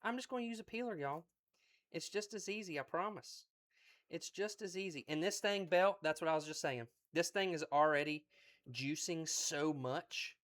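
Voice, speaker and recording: An excited man from West Virginia with an Appalachian accent, chatting folksily on a cooking livestream. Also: a little high, moderate pace. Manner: folksy and exuberant, repeats phrases.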